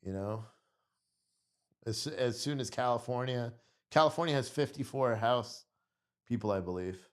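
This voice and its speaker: A tired man hosts a live stream, rambling through casual commentary and swearing freely. His mid-range voice is smooth.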